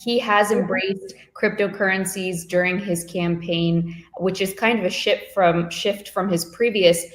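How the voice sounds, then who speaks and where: A woman guest analyst casually explaining market news in a relaxed way, with filler words. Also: mid-range voice, a little slow, few pauses. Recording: echoey room sound.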